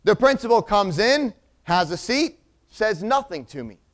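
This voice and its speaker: A man telling a personal story as a sermon illustration, animated and acting out the people in it. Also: sits high, measured pace.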